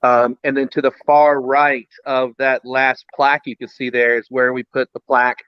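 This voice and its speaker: A man's voice: medium pitch, normal speed, clean tone, no room sound. A man, a guest, casually telling an anecdote and acting out the voices of the people in it. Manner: animated, acts out quoted voices. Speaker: guest storyteller. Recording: dull lo-fi sound.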